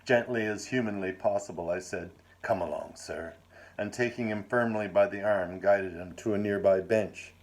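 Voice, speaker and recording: A man reading his own first-person story aloud in a measured, wry and formal manner. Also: lowish voice, steady tone.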